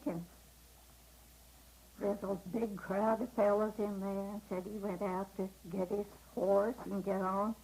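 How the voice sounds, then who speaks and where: A woman's voice: a little high, a little mellow, breathy edge, rough recording. An older woman telling folksy anecdotes in a drawling manner at home, laughing at her own punchlines. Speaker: storyteller. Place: living room of a home.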